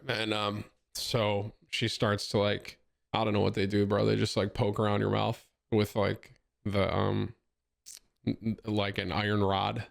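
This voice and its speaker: A man's voice: fairly low pitch, level tone, unhurried, creaky. Rambling streamer man, joking with chat. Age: 30s. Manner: rambling, joking storytelling with slang like bro and dude.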